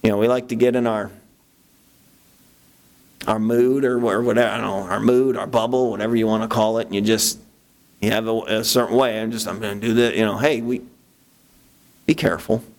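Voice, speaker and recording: A man preaching a sermon as pastor, talking conversationally with restarts and jumping into a high voice to act out his own thoughts. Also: brisk, long pauses. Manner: animated, acts out his own inner voice in sudden high bursts; conversational, with frequent restarts and "you know".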